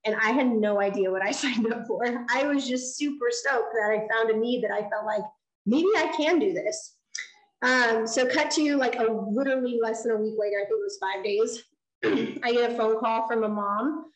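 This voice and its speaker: A woman with a fairly high voice tells a story from a lecture stage. She speaks in an animated way and acts out each line of dialogue. The sound carries the echo of a large room. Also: normal speed. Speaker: nonprofit founder giving a design lecture. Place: lecture hall.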